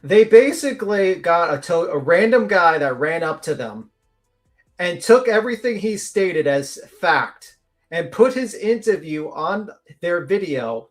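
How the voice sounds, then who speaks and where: A man on a casual livestream panel, talking bluntly and laying on the sarcasm. His voice sits a touch higher than most men's. He swears freely as he explains. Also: very animated, a little slow, soft background music.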